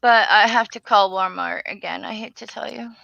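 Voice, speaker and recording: A woman's voice: mid-range voice, normal speed, gravelly, bright, forceful tone, dry recording, muffled recording. A woman in casual live-stream chat, telling stories in a blunt, profane way.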